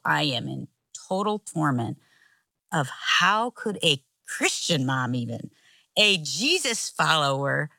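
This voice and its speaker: A woman's voice: low-pitched, pushed and bright, no echo. A middle-aged woman co-hosting a casual chat, telling a story animatedly and acting out the voices in it. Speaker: co-host.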